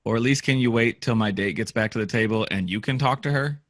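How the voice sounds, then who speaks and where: A man co-hosting a podcast, reacting with quick banter and chuckling along. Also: medium pitch, a bit bright. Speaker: podcast co-host. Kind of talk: casual podcast chat.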